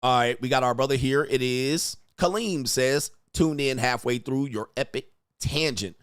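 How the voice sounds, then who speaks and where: A man's voice: medium pitch, normal speed, clear, resonant tone, no room sound, clean studio sound. A man hosting a livestream, reading viewer donations aloud between blunt, crude rants. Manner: reads viewer messages aloud. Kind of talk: casual livestream rant.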